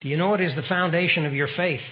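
A man's voice: a little high, fast talker. A man preaching a sermon in an emphatic style, asking the audience rhetorical questions. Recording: dull lo-fi recording.

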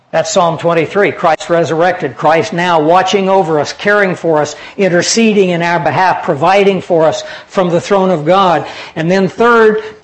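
A man preaching a sermon, earnestly explaining scripture and dropping his voice low for personal stories. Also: poor audio. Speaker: pastor.

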